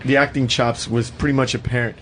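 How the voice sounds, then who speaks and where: A man's voice: medium pitch, level tone, brisk, a bit bright, a little hiss or hum. A man casually discussing a movie with his co-host, blunt and profane. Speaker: podcast co-host. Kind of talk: casual movie review chat.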